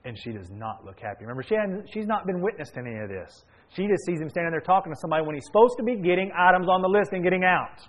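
Emphatic preacher, fairly high voice. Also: male voice, expressive, very fast, hardly any pauses, rough recording. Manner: swings between soft and loud, emphatic. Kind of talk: sermon with storytelling.

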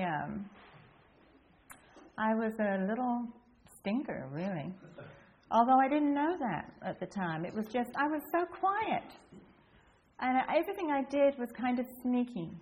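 A woman's voice: fairly high pitch, big pitch swings, measured pace, long pauses. Older woman on a tinny line. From England (Essex). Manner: rambling, self-correcting, reflective. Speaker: storyteller. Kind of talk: casual reminiscing monologue. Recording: tinny phone-like line with faint hiss.

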